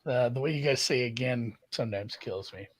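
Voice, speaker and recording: A man from Minnesota, co-hosting a live sports betting stream, telling stories in an animated way and laughing often. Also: medium pitch, fairly quick, poor audio. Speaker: podcast co-host. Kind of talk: casual sports betting chat.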